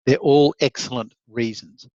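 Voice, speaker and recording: During an online lecture, an Australian man teaching law reads his students' chat comments and responds in an encouraging, chatty way, laughing often. His ordinary-pitched voice has fairly even intonation and a measured pace, recorded dry, slightly muffled, without echo.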